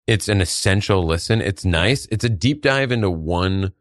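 Brief: deep-voiced man, earnest rambling podcast guest, dry close sound. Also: lively intonation, moderate pace, no room sound. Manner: earnest, chatty, uses many "like"s. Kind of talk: casual comedic podcast chat.

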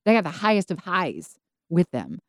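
A woman co-hosting a podcast, telling Bible stories casually and acting out the characters in quick voices. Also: fairly low pitch, no room sound, clean studio sound. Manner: animated storytelling, acts out biblical characters in quick voices. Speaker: podcast co-host.

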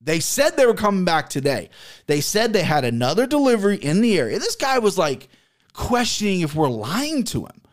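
A man's voice: sits high, sing-song, normal speed. A man hosting a podcast, telling a long exasperated story in a casual, profane way. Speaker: podcast host.

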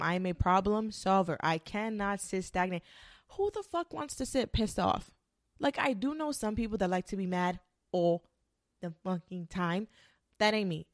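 A woman's voice: medium pitch, no echo, studio quality. A woman talking straight to camera in a blunt, profane, emphatic rant about speaking her mind.

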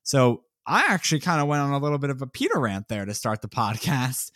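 A man's voice: medium pitch, very animated, a little fast, a bit bright, no room sound, clean studio sound. A man hosting a casual sports podcast, chatty and a little hesitant, with "um" and "like" as he talks. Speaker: podcast host.

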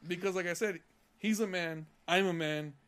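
A man's voice: sits high, normal speed, fairly bright tone. A young man from California on a casual podcast, telling a profane, heated story about work. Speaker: podcast co-host.

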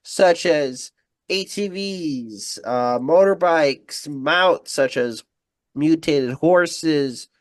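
Host: man, congested, unhurried, stop-start casual delivery. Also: fairly high pitch, dry recording, clean studio sound. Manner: halting, repeats words, many fillers. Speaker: podcast host. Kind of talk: casual live-stream chat.

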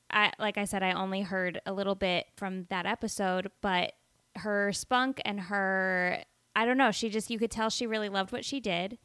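A woman's voice: medium pitch, a bit bright, clean tone, no room sound, studio quality. A woman co-hosting a podcast, chatting casually and backing up her partner. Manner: supportive, brief replies. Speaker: podcast co-host.

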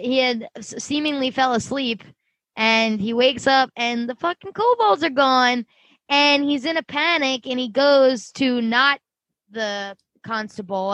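A woman co-hosting a casual podcast chat, retelling a TV episode in a lively, profane way. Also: high voice, dry recording. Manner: profane, animated storyteller. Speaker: podcast co-host.

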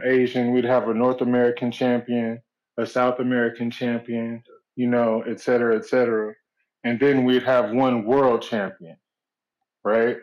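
A man calling in to a show, talking in a flat, rambling, laid-back way and swearing freely. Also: medium pitch. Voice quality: monotone. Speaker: caller. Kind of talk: casual call-in chat. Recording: dull lo-fi phone call.

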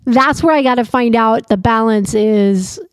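A woman's voice: on the high side, unhurried, clear, resonant tone, dry recording. A woman co-hosting a podcast in casual chat, rambling and laughing easily. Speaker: podcast co-host.

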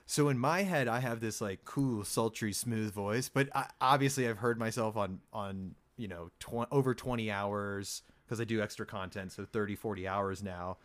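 A man guesting on a podcast in casual chat, asking halting questions and joking about himself. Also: fairly low pitch. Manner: playful, self-mocking, halting questions. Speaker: podcast guest and co-host of another show.

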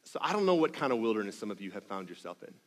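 A man's voice: lowish voice, big pitch swings, very fast. A man preaching a sermon as pastor, conversational and emphatic, with self-deprecating asides and rhythmic repetitions.

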